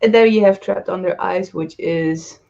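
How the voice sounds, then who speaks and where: A woman co-hosting a casual music chat, relaxed and quick to laugh as she rates songs. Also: fairly low pitch, creaky, lo-fi sound. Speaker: co-host.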